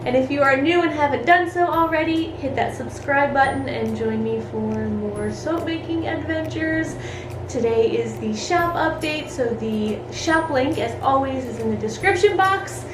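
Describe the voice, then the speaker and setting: A woman's voice: sits high, lively intonation, measured pace, noisy background. A woman hosting a soap making video, chatting casually with frequent laughs while congested from a cold. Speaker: soap maker and channel host. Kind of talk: casual tutorial chat. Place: indoor crafting room at home. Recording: echoey room with music behind.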